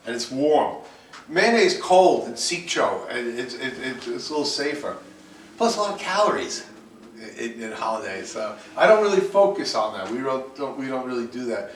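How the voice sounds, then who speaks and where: Medium in pitch and a bit bright, a man's voice carries a cooking lecture to students, repeating points, restarting often and sometimes switching to bold exclamations. The classroom sounds echoey, the mic is distant and there's faint hiss.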